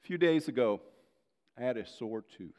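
A man preaches a sermon and tells a story from his own life, his middle-pitched voice rising to loud emphasis and then dropping to quiet asides. The sound carries a long reverb, as in a large church sanctuary. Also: animated, normal speed, clean tone. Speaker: pastor.

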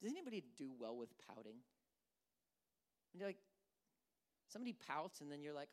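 A preacher giving an animated, conversational sermon who acts out the characters. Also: mid-range voice, fairly quick, pauses often.

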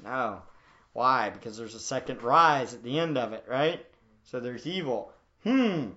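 A pastor delivers verse-by-verse Bible teaching in a conversational style, frequently posing questions to his listeners. His mid-range voice is expressive, unhurried, pushed, and bright, though the recording is muffled.

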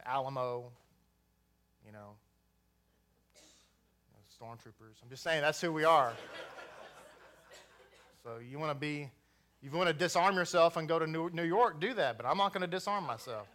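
A man's voice: a little high, moderate pace, long pauses, a bit bright. A man from Texas preaching a sermon, conversational, with asides and restarts.

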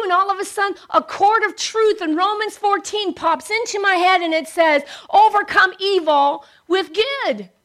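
A woman's voice: extremely high pitch, a bit bright. A middle-aged woman preaching a sermon with passion, rising to emphatic declarations.

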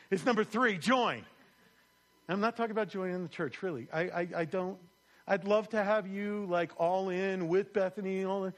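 A man preaching a sermon as pastor, emphatic, repeating key phrases and calling on the congregation to answer back. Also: high-pitched.

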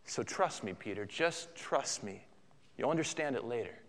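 A man voicing Jesus as a calm, reassuring divine teacher who speaks softly and earnestly. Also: on the high side, normal speed, natural voice. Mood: gentle. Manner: soft and pleading. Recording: long hall reverb.

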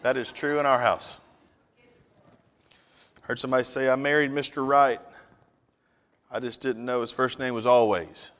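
A male pastor delivers a folksy, conversational sermon in a worship hall. His voice sits at a middling pitch and trails a long reverb through the room. He checks in with his listeners as he goes. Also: fairly even intonation, normal speed, pauses often, a bit bright. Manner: folksy, conversational, asks the congregation. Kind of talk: sermon with jokes.

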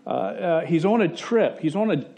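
A man preaching a sermon in a casual, joking, conversational way, slipping into quick voices for the people in his stories. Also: high voice, animated, creaky, warm tone. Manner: conversational storytelling with quick voice shifts for quoted people; jokey and self-interrupting. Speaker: pastor.

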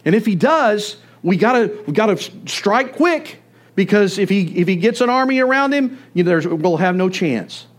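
A man preaching a sermon, telling the story with animated storytelling. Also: high-pitched, moderate pace. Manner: animated storytelling, acts out voices. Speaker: pastor.

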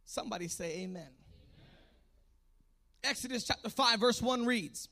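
He is a Puerto Rican preacher whose voice is strikingly high, very bright, and tense. At a moderate pace with frequent pauses, he leads fervent call-and-response, easing into soft asides before building to shouted exhortation.

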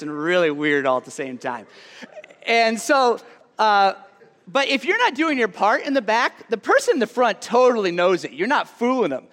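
A man giving a casual sermon to a live audience. He chats in an animated way with lots of "like" asides, then drops to a soft, hushed tone for earnest appeals. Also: sits high, moderate pace. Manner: chatty and animated, full of "like" asides. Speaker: youth speaker. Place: large hall with a live audience. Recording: long hall reverb.

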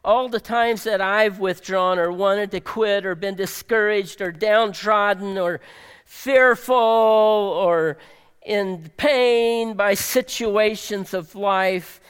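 Male pastor, sermon delivery; slow, dramatic, loud-to-hushed swings, recorded in a reverberant hall. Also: sits high, clean tone. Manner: dramatic, swings between loud emphasis and soft near-whispers.

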